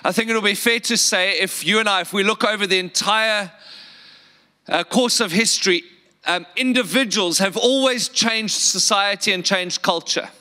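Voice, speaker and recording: A South African man preaching with a very bright, ringing voice pitched a bit high. He talks earnestly, repeats words and asks the listeners questions. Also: moderate pace. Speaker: pastor. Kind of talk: sermon.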